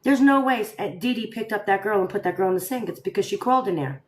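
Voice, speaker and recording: A woman hosting a casual live stream from home, animated and talking directly to her viewers. Her voice sits at a medium pitch and carries a noticeably echoey room sound, as if picked up by a phone mic. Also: quick pace, a little hiss or hum.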